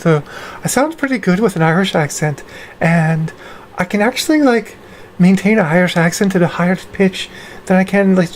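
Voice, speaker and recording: A woman's voice: lowish voice, a little mellow, slight background noise. Chatty woman practicing her voice. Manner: self-interrupting, reads chat aloud; practicing voice exercises. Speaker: livestream host. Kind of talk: casual live-stream chat.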